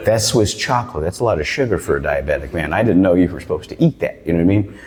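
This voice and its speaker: A man's voice: deep voice, animated, quick pace, a little mellow. A man telling a stand-up story in a barbershop, rambling and profane. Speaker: stand-up comedian. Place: barbershop comedy show. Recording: long reverb of a live room.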